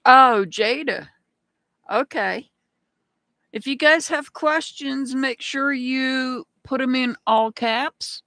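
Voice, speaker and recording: A woman's voice: high voice, takes it slowly, bright, forceful tone, no room sound. A woman hosting a live rune reading stream, chatting casually and greeting viewers by name. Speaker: rune reader.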